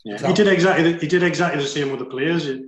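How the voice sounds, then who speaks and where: A man's voice: on the high side, rapid-fire. Enthusiastic man in an echoey room. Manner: enthusiastic, fond. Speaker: former footballer. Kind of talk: casual reminiscing. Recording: roomy echo.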